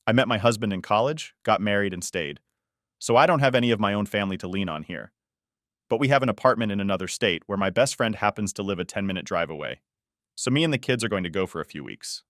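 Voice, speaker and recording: A man reading an online post aloud as a story narrator, in a steady, even reading voice. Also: on the low side, no echo, clean studio sound.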